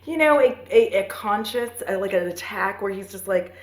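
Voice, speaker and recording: A woman in her thirties casually retelling a movie for a podcast, rambling and profane, with playful asides and quick voices for the characters. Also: medium pitch, lively intonation. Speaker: podcast host. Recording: roomy echo.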